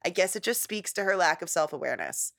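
A woman's voice: lowish voice, sing-song, fast talker, creaky, a bit bright. A woman co-hosting a podcast, chatting casually about a reality show and laughing often. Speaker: podcast co-host.

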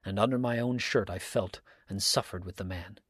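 A man narrating a first-person story aloud in a steady, earnest reading style. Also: fairly low pitch, normal speed, breathy edge, no room sound, studio quality. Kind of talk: audiobook reading.

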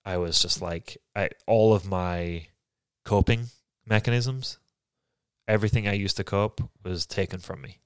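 This is a man from England with a very deep voice. He talks in a soft, reflective, halting way during a candid podcast chat. The sound is dry and close, with no room echo. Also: steady tone, smooth. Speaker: podcast co-host. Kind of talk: candid personal conversation.

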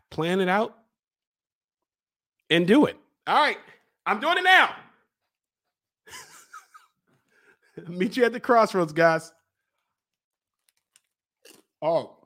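A man from Baltimore hosts a casual solo vlog in a high, very animated voice with a bright edge. He talks playfully, teasing and drawing things out, and breaks into laughter often. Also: very slow, pauses often. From Baltimore, USA. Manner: lively, exclamatory. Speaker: podcast host.

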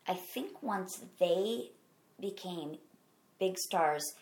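A middle-aged woman with a Midwestern accent speaks in a low, gravelly voice. She answers earnestly and rambles, circling back and restarting her thoughts. The room around her is echoey. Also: lively intonation, very slow, a little mellow. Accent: Midwestern American. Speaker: actor guest. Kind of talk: conversational interview.

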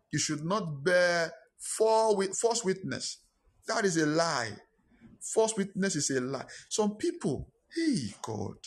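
Emphatic man preaching. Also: on the high side. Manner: emphatic, repeats lines for stress. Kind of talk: sermon with personal story.

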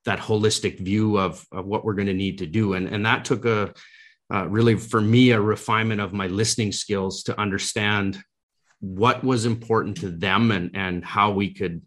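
A man's voice: lowish voice, fairly even intonation, normal speed, fairly bright tone. A man as an interview guest, talking earnestly with frequent restarts. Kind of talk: interview conversation.

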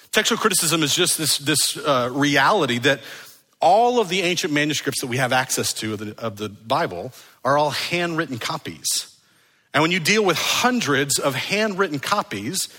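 A man's voice: fairly high pitch, sharp tone, big-room sound. A man preaching an earnest, conversational sermon that is full of rhetorical questions. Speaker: pastor.

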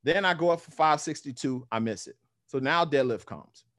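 A man telling a story in a casual, animated way, acting out other voices and using slang and swearing. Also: a little high, moderate pace, no room sound, clean studio sound. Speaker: guest powerlifter.

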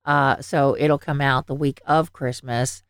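A woman's voice: extremely low pitch, steady tone, measured pace, clear, resonant tone, dry recording, clean studio sound. A woman with a Southern accent, co-hosting a podcast in a rambling, chatty way full of fillers. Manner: rambling, lots of fillers and laughs. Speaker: podcast co-host. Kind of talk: casual chat. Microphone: headphones on, own mic.

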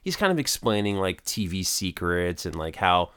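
A man's voice: low-pitched, very animated, normal speed, a bit bright, clear, resonant tone. A man co-hosting a podcast, chatting in a laid-back, dry way. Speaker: podcast co-host. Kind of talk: casual chat.

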